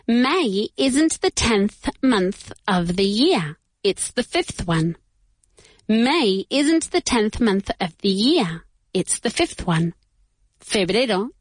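A woman teaching English pronunciation to beginners, saying each word slowly and repeating it. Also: fairly high pitch, dry recording, studio quality. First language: Spanish. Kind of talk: bilingual pronunciation lesson for beginners.

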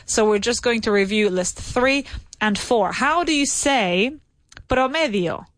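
A woman's voice: fairly high pitch, expressive, measured pace, a bit bright, no echo. A woman teaching a private English lesson, patiently repeating answers and praising her students. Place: Madrid.

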